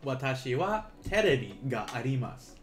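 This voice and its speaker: A man teaching a live online language lesson, explaining patiently and repeating phrases slowly for learners. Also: mid-range voice, sing-song, slight background noise.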